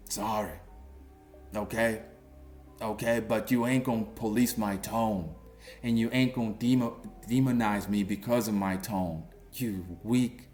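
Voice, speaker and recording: A man in his thirties delivers a ranting commentary in a mocking, confrontational way, leaning on slang. He talks at a slow, deliberate pace, with faint music playing behind him. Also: lowish voice. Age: 30s. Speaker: online commentator.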